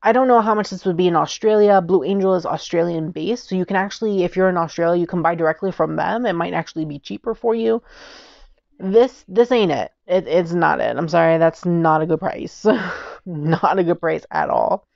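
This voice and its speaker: Chatty woman with a gravelly voice. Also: on the low side, fairly quick, a little mellow, dry recording, dull audio. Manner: chatty, exclamatory, stumbles over foreign names. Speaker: tarot channel host. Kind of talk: casual product review.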